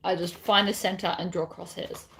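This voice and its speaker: A woman's voice: on the low side, level tone, normal speed, vocal fry, fairly bright tone. A woman chatting casually while she sews a bag on a livestream, reading viewer comments and rambling between steps. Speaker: bag pattern designer. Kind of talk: casual livestream crafting chat.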